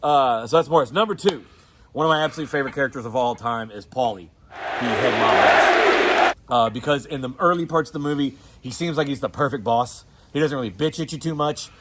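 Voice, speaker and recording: A man with a Southern US accent talks fast through a casual, rambling movie chat. He swears freely and laughs often. A faint hum sits behind his voice. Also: medium pitch, a crowd in the background. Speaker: co-host.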